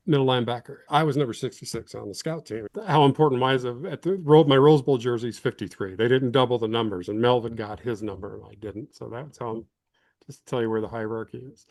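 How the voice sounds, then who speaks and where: A former lineman in his fifties, originally from Illinois, rambles through his stories with easy self-deprecation. His voice sits at an ordinary male pitch and comes across dry and close, with no room around it. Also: darkish tone, dry recording. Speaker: guest, former college football lineman. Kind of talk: casual interview storytelling.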